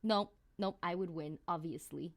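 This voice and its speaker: A woman streamer chatting casually with her viewers, telling stories in an animated, exclamatory way. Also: fairly low pitch, normal speed, vocal fry.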